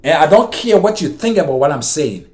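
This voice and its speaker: A man with a Liberian accent and a notably high speaking voice rants passionately about his country's politics. He talks straight to his subscribers, repeating lines for emphasis as his feelings rise. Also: very animated, brisk, a little mellow. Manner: impassioned, ranting, repeats himself. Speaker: vlogger. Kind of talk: political commentary monologue.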